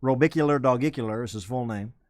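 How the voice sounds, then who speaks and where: A man's voice: medium pitch, fast, no echo, clean studio sound. A man hosting a comedy web show, rambling and self-correcting while hyping merchandise like a salesman. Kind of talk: rambling comedic live-stream chat.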